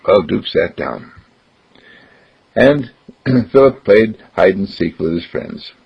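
A man with a low, gravelly, raspy voice tells a story at a slow, gentle pace. His pitch swings widely from line to line. The recording is dull and lo-fi. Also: animated. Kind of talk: told story.

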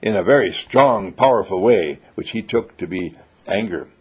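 A man's voice: fairly low pitch, expressive, moderate pace, breathy edge. A man giving an enthusiastic, repetitive inspirational lecture to a seminar, on a dull lo-fi recording. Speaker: seminar teacher.

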